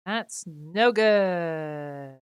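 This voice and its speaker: Low-voiced woman streaming a game, chatty. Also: very slow, clear, resonant tone, dry recording, clean studio sound. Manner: playful, chatty asides to viewers. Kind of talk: live let's-play commentary, reading game text aloud.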